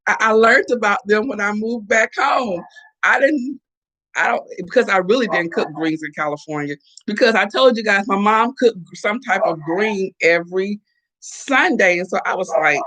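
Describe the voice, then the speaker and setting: A woman's voice: mid-range voice, lively intonation, normal speed, fairly bright tone. Chatty woman hosting a morning live chat. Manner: chatty, playful, talks back to viewers. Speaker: live-stream host. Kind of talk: casual morning chat reading viewer comments.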